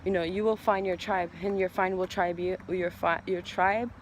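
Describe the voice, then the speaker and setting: A man's voice: sits high, flat delivery, normal speed, a little hiss or hum. A man talking as a tarot reader in a casual spiritual vlog, rambling and heartfelt, swearing now and then.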